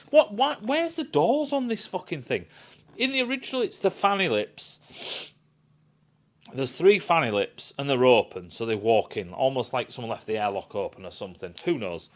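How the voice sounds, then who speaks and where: A man's voice: on the high side, very animated, moderate pace. Exasperated man ranting. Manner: exasperated, sweary, sarcastic. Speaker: film reviewer. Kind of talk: ranting film review.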